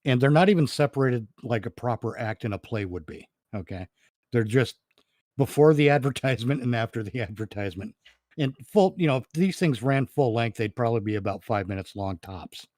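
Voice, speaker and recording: A man's voice: mid-range voice, expressive, a little fast, a little mellow, no room sound, clean studio sound. A man casually chatting on a podcast, rambling and laughing at his own jokes. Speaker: podcast host and comedy writer. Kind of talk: casual chat.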